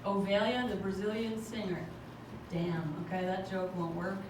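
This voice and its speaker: A woman's voice: mid-range voice, fairly even intonation, moderate pace, far from the mic. A woman doing a chatty stand-up comedy set on a club stage, laughing through her jokes. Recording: very echoey club, noisy audience ambience.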